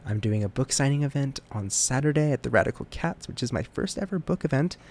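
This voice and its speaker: A man's voice: mid-range voice, animated, fairly quick, darkish tone. Young man, casual podcast host, rambling, self-deprecating, stumbles over words. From United States. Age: young adult. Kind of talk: casual solo podcast chat.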